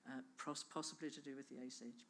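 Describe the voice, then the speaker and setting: A woman's voice: extremely low pitch, fairly even intonation, fast, fairly bright tone, a little hiss or hum. An Irish woman giving an enthusiastic, chatty conference presentation about a bog conservation project, often interrupting herself. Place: conference hall.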